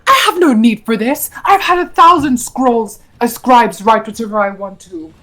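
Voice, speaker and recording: A woman's voice: on the high side, normal speed, pushed and bright, soft background music, pitched above the performer's own voice. Lady doing a bratty defiant kid talking back, haughty. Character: sulky, defiant young girl pupil.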